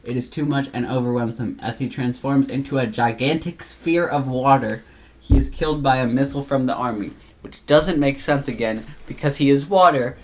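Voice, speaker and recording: A young man chats casually on a podcast, stumbling through a retelling with plenty of fillers and restarts. His voice sits at an ordinary middle pitch, with a faint hiss under the recording. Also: normal speed. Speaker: podcast co-host. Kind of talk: casual chat.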